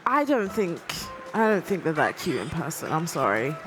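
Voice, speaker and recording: Lively co-presenter thinking out loud. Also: medium pitch, normal speed. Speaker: event stream co-presenter. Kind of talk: casual game commentary. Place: game event booth. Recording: game music playing behind. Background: game music.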